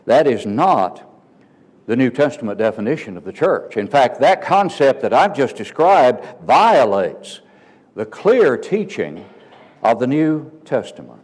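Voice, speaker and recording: A man delivers a sermon in a church auditorium. He leans hard on key words, slowing down to stress them, and fires off rhetorical questions. His voice sits at a middle pitch. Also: very animated, a little mellow, slightly rough, big-room sound. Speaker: preacher.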